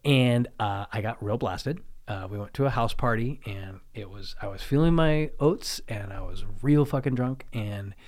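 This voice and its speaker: A man's voice: fairly low pitch, normal speed, few pauses, a little mellow. A middle-aged man on a podcast, rambling through a profane personal anecdote in casual chat. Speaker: podcast guest or co-host. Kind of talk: casual storytelling.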